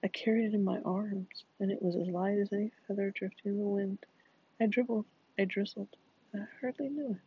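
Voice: mid-range voice, fairly even intonation, brisk, breathy edge. A narrator voicing a drowsy young husband who groans his words, in a dull lo-fi recording. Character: sleepy young husband, once a football player.

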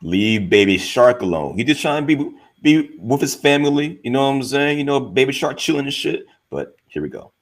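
A man's voice: medium pitch, very animated, normal speed, hardly any pauses. A man co-hosting a podcast, chatting casually and loosely in slang as he reacts to clips. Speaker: podcast co-host.

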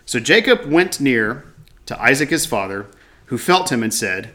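A man's voice: medium pitch, big pitch swings, moderate pace, sharp tone. A man teaching from a scripture passage, reading verses aloud and then commenting on them with casual restarts and asides. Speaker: Bible teacher.

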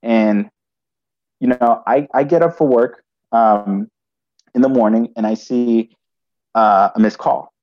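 A man's voice: mid-range voice, dull audio. A man telling a personal story in conversation, restarting often and adding "right?" as he goes. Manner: halting, frequent restarts and "right?" tags.

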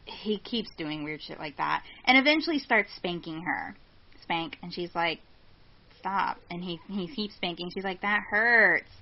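A woman's voice: on the low side, lively intonation, normal speed. A woman co-hosting a podcast, telling a story in blunt, sarcastic, profane casual chat. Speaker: podcast co-host. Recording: dull lo-fi sound.

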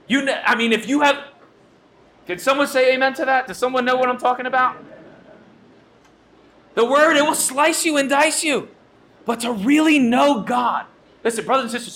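A male pastor delivers a sermon with a high-pitched voice. His tone is bright and ringing. He preaches earnestly, pressing his points home by repeating them.

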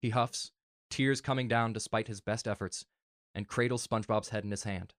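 Low-voiced man reading a story. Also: steady tone, normal speed, a bit bright, dry recording, studio quality. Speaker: narrator. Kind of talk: fan fiction reading.

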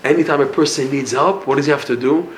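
Guy giving a torah class, tells stories, animated, throws in hebrew words, echoey room w a bit of background noise. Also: mid-range voice, quick pace. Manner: animated storytelling, mixing Hebrew and Yiddish terms, laughs at punchlines. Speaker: Breslov teacher. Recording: echoey room with faint ambience.

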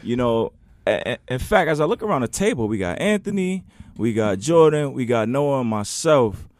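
A man's voice: mid-range voice, sing-song, normal speed, a little mellow, no room sound, studio quality. A middle-aged man hosting a casual podcast as a basketball coach, talking in easygoing slang and tripping over his words. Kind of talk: casual chat.

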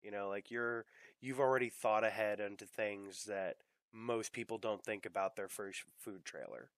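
Casual young male podcast host, lowish voice, dry close mic, rambling and profane. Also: normal speed, fairly bright tone, no echo. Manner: rambling, lots of fillers and swearing. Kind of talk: casual chat.

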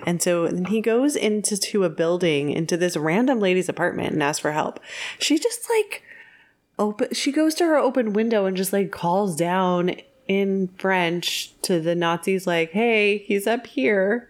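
A woman co-hosting a podcast, casually retelling a film's plot with quick acted-out quotes and laughs. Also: on the low side. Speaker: podcast co-host. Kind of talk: casual film discussion.

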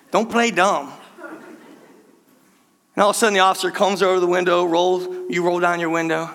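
An older man preaching a sermon to his church in a playful, conversational way with quick asides. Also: sits high, sharp tone, in a large hall. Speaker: pastor. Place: church sanctuary.

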